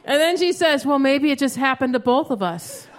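High-voiced woman doing stand-up. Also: normal speed, a little hiss or hum. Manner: animated storytelling, acts out her own yelling. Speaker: stand-up comedian. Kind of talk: stand-up comedy set. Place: live comedy stage with an audience. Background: audience laughter.

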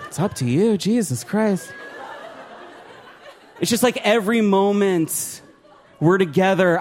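A man doing a stand-up set, self-mocking and shouting his punchlines. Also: high voice. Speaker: stand-up comedian. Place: live comedy show before an audience.

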